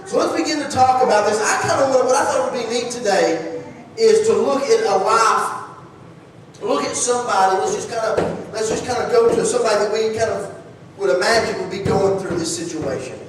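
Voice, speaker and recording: The sermon comes from a man whose voice sits high, speaking at normal speed in a conversational way, restarting phrases and questioning the congregation. It's recorded in an echoey church sanctuary on a distant mic, with background noise.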